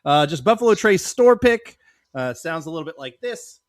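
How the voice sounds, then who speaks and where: A man's voice: on the high side, sing-song, moderate pace, no room sound. A man from Georgia chatting enthusiastically as a podcast guest, nerding out on the details. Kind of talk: casual chat.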